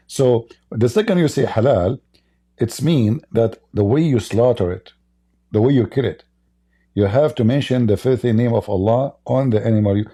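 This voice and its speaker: A middle-aged man with a dark, gravelly, husky voice hosts a casual livestream, and he is hoarse from hours of talking. He mocks and chuckles as he goes, and often stops to cough and clear his throat. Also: medium pitch. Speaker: livestream debate host.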